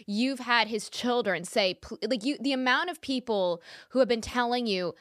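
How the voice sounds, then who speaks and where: A woman's voice: on the high side, normal speed, fairly bright tone, no echo, clean studio sound. A woman hosting a podcast interview, speaking emphatically and repeating phrases for stress. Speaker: podcast host. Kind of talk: conversational interview.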